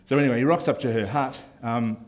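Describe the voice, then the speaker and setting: A man's voice: medium pitch, quick pace, a little mellow. An Australian man, a cartoonist speaking on a panel, rambling and self-deprecating with many fillers. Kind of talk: casual panel talk.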